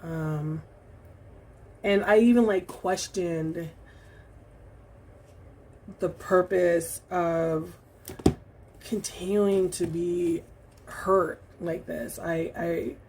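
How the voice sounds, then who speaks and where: Woman chatting about books, slow and a bit low voiced, lots of ums and restarts. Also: fairly even intonation, darkish tone, a little hiss or hum. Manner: reflective, halting, many fillers and restarts. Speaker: book vlogger. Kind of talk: casual book review vlog.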